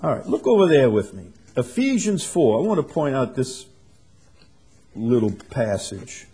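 A man preaching a sermon, swinging from quiet and conversational to loud, emphatic passages. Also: mid-range voice, sing-song, measured pace, breathy edge. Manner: builds to loud emphatic preaching, then drops soft. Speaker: pastor.

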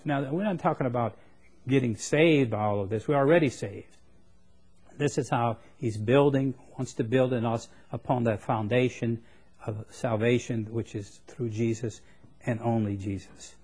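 A man preaching a sermon, plain-spoken and folksy, who reads scripture in quick bursts and raises his voice for emphasis. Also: mid-range voice, a little mellow, breathy edge.

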